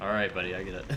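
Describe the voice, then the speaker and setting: A young man commentating his own online shooter match, excitable and cursing, yelling at other players. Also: mid-range voice, noisy background. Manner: excitable, swears often, yells at other players. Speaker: gamer streamer. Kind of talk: live gameplay commentary.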